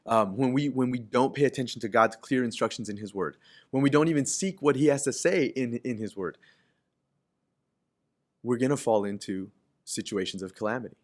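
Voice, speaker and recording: A man's voice: medium pitch, moderate pace. Emphatic male pastor preaching. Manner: emphatic, repeats and restarts phrases, voice swells on scripture quotes. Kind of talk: sermon.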